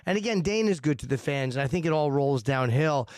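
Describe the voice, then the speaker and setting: A man's voice: a little high, expressive, a little fast, darkish tone, no echo, studio quality. A man talking as a podcast guest in casual, rambling, profane chat with many restarts.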